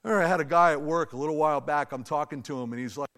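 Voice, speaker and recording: A man preaching a sermon to his church, in a lively, conversational way with asides to the congregation. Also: a little high, racing. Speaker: pastor. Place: church sanctuary. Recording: long reverb of a large hall.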